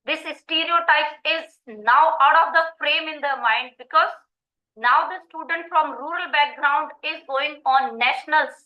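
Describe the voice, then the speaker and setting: A middle-aged woman with an Indian accent, a school principal giving an earnest, halting conference talk full of fillers. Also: high-pitched. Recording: echoey, muffled conference audio.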